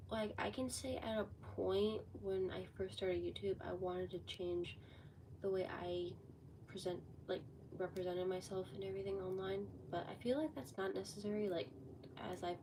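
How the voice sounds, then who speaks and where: Hoarse sixteen-year-old girl rambling on a livestream. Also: mid-range voice, steady tone, moderate pace, recorded from a distance, noisy background. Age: teens. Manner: rambling, heavy use of "like". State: sick with a cold, voice going hoarse. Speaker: livestreamer answering chat. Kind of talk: casual livestream chat.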